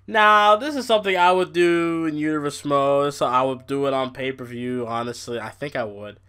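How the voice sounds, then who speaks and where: Bright, animated young man ranting. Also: mid-range voice, normal speed, hardly any pauses, smooth. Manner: animated, exasperated ranting with swearing. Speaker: podcast host. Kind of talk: casual wrestling podcast rant.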